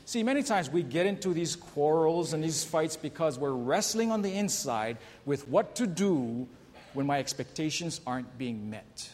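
A man's voice: on the high side, expressive, moderate pace, darkish tone. A man preaching a sermon as a pastor, asking the congregation questions, reading scripture aloud and telling jokes with raised voices for the characters. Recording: long hall reverb.

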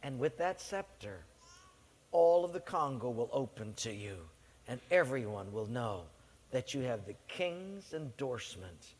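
A man voicing a calm servant who speaks in a low, hushed, gentle tone. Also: unhurried, in a large hall. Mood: reverent hush. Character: calm, reassuring male servant.

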